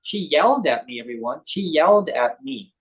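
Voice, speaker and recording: A man's voice: on the high side, moderate pace, poor audio. A man with a Canadian accent, a guest on a talk show. He tells a personal story in a loose, conversational way. Now and then he acts out what other people said to him. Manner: animated, acts out quoted voices of others.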